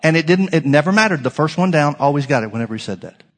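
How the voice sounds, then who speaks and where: Male pastor, preaching a sermon, emphatic and dynamic, slightly higher pitch, big reverberant hall. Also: expressive, fast. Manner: emphatic preaching, swinging from loud to hushed.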